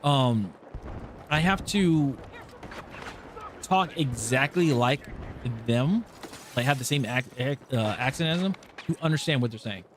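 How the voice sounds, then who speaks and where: A man's voice: medium pitch, lively intonation, unhurried, long pauses, a little hiss or hum. Rambling American man with faint Southern twang. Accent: American with a slight Southern twang. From California. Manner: rambling, self-interrupting storytelling. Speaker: streamer. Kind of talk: casual live-stream chat.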